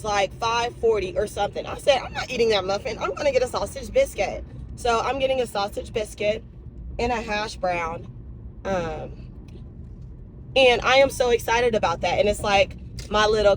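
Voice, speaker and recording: A young woman vlogging from her car, chatting casually and emotionally to her viewers. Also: medium pitch. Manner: chatty, emotional and animated, addresses viewers as y'all. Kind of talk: casual chat. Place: in a car on a drive-thru run. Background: vehicle noise.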